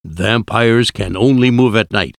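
A man doing an elderly professor who hunts vampires, speaking in a low, slow, solemn way. He sounds resolute and measured, every word weighed, as the narrator voices him, in a dry, close storybook reading. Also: vocal fry, dry recording. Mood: grave.

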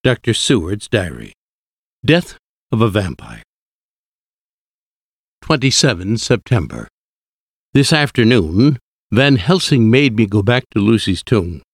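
A man narrates a storybook with a lowish voice at an unhurried, measured pace. The recording is dry and close, with no room sound. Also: big pitch swings, dry recording. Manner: slow, measured, clear reading.

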